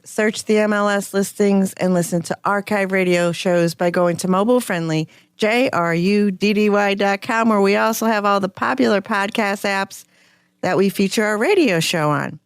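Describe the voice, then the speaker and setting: A woman's voice: medium pitch, normal speed, clear, resonant tone, dry recording. Upbeat woman radio host, dry studio sound. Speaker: radio show host and real estate broker. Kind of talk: radio talk show hosting.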